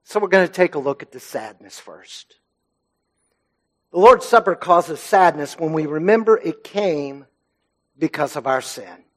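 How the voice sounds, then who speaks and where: Earnest high-voiced preacher. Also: male voice, animated, a little slow. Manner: earnest, emphatic, lets phrase ends drop low and soft. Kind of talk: sermon. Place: church sanctuary.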